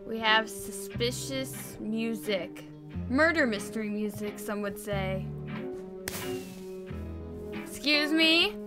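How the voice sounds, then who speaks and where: A woman giving casual gameplay commentary while she builds, excitable and rambling, poking fun at herself. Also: a little high, slow pace, long pauses, over music. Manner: excitable, rambling, self-mocking. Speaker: Minecraft video creator.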